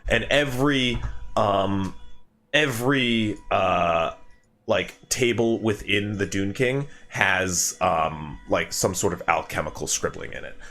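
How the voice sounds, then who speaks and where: A man narrating as game master of a tabletop game, with many pauses and fillers. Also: lowish voice, sharp tone.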